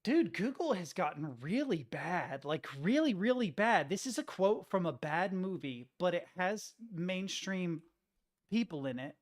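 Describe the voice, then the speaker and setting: Guy streaming, goofy and rambly, laughs a lot, voice a bit on the high side. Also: big pitch swings, measured pace. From United States. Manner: joking, laughs often, rambling and self-interrupting. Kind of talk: casual live-stream chat.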